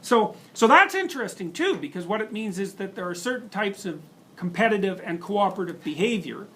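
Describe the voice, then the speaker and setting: Animated high-voiced man lecturing. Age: 50s. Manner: animated, laughs often, digressive with restarts. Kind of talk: university lecture. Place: lecture hall with students.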